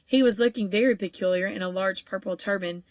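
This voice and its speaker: A woman narrating an audiobook in a steady, even storytelling voice, with the odd small stumble. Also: mid-range voice, fairly quick, no room sound. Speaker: audiobook reader.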